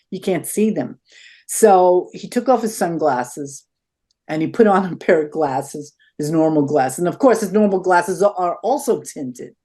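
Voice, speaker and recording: An older woman, an interview guest, telling stories in a conversational way and acting out what people said. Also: low voice. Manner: animated storyteller acting out quotes.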